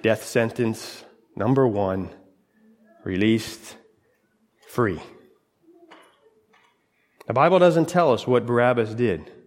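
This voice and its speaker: A man's voice: medium pitch, slow pace, pauses often, a little mellow. A man preaching a sermon, telling a scripture story dramatically in short, broken phrases. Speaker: pastor. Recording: long hall reverb.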